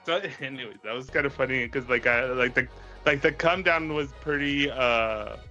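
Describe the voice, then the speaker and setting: A man's voice: medium pitch, moderate pace, pushed and bright, dull audio, soft background music. A man telling a long story in casual chat, rambling with lots of "like", swearing and laughing as he goes. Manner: rambling, heavy use of "like", laughs often, swears freely.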